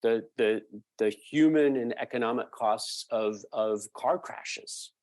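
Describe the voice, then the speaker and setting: A man being interviewed as a guest, explaining a point at length with frequent pauses and fillers. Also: mid-range voice, a little mellow, dry recording. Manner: thoughtful, halting with many fillers. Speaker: podcast guest, media researcher.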